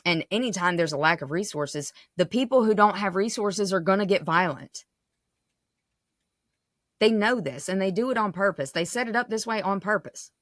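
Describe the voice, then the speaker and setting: A woman from the United States hosts a podcast, delivering a passionate, casual monologue and frequently checking in with "right?". Her medium-pitched voice is animated and a bit bright, at normal speed, with clean studio sound and no echo.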